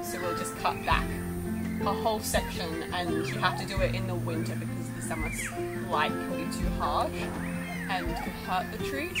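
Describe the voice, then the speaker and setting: A young woman chats enthusiastically as she gives an outdoor vlog tour of her orchard, narrating casually. Her voice is on the low side, and background music plays under it in a low-quality recording.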